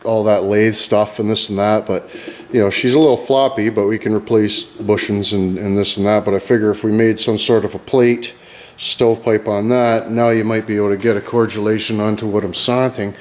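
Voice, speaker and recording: A man's voice: lowish voice, little pitch movement, fairly quick, a little mellow. A man rambling casually and profanely about his projects, full of folksy slang. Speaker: vlogger.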